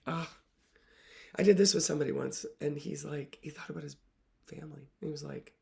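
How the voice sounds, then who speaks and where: A woman literacy coach talks straight to her viewers in an earnest, emotional way. Her voice carries a strong gravelly fry, and she often lets her words fall away into a breathy near-whisper. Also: sits low, brisk. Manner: soft-spoken, often dropping to a whisper. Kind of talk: reflective talk to camera.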